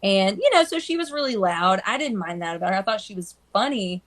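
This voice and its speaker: A woman hairstylist chatting casually on a live stream, telling animated stories and acting out the people she quotes. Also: mid-range voice, fairly quick. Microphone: phone.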